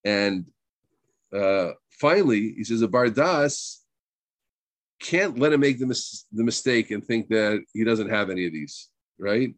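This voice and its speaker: A middle-aged man with a New Jersey accent leads a relaxed religious class in a somewhat low voice. He talks loosely and chattily, dropping in Hebrew terms and asking "right?" as he goes. The recording is dry and close, with no room sound. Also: unhurried, dry recording. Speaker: Torah teacher.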